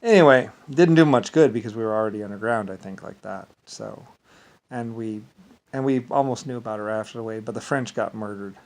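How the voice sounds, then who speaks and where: A man telling a story in a rambling casual monologue, full of halting restarts and repeated filler words. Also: fairly low pitch, rough recording.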